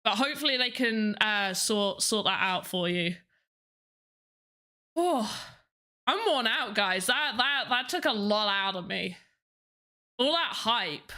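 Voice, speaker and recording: A woman's voice: mid-range voice, lively intonation, slow, long pauses, sharp tone. A young woman hosting a livestream, chatting casually to her viewers with a self-mocking manner. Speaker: livestream host.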